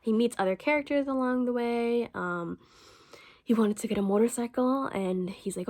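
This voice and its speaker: A young woman talks through a manga she just read in a loose, rambling way, full of ums and offhand swearing. Her voice has a gravelly fry to it. She sits at a middle pitch for a woman. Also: moderate pace, darkish tone. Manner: acts out the character's lines in quotes. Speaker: manga reviewer. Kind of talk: casual spoken review.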